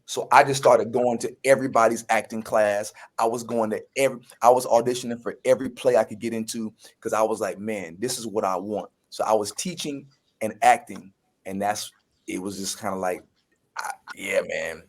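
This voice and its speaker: A man's voice: fairly low pitch, fairly even intonation, normal speed. A man, a guest actor telling his story in a casual interview. He acts out the voices he quotes and often restarts his sentences.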